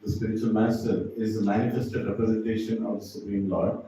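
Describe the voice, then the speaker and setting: A man reading a scripture commentary aloud in a steady, measured way. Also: lowish voice, slight background noise. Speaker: reader. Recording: echoey hall, far from the mic.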